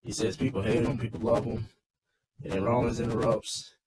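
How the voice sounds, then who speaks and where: A man's voice: medium pitch, level tone, brisk, darkish tone, low-quality recording. A man casually recapping a wrestling show in a loose, rambling, swearing rant.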